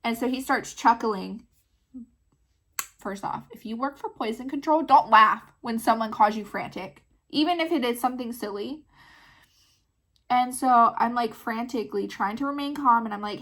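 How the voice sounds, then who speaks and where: A mother vlogging, retelling a story in a casual, animated way full of "like". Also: a little high, normal speed. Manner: animated, filler-heavy retelling with many "like"s.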